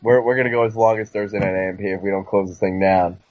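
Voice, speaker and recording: A lower-pitched man rambles excitedly through a casual podcast chat. The sound is dull and lo-fi, dry and close with no room around it. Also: fast, no echo. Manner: rambling, excitable, mocking high-pitched impressions. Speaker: podcast co-host.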